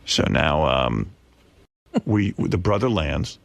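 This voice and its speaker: A male radio host telling an animated story, exasperated and swearing freely, with many restarts. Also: rumbling low, slow, creaky, dry recording.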